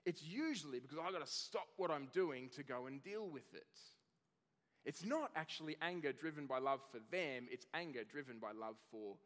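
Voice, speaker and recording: A man's voice: on the high side, expressive, moderate pace, a bit bright. Earnest male preacher in a reverberant hall. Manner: earnest, builds through lists with rising emphasis. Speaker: pastor. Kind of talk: sermon.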